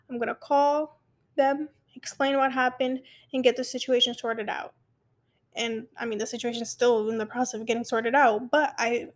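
A young woman telling a personal story and giving advice in a chatty, animated way, often restarting her sentences. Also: high-pitched. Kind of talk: casual personal advice talk.

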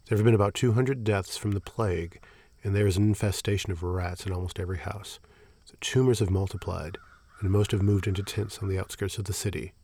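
Gravelly, low male horror narrator. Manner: steady, measured storytelling. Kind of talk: scripted horror story reading.

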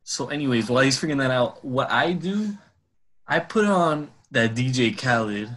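A man's voice: medium pitch, animated, moderate pace, a bit bright. A young man co-hosting a casual podcast, easygoing and teasing, with slangy speech. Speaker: podcast co-host. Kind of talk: casual chat.

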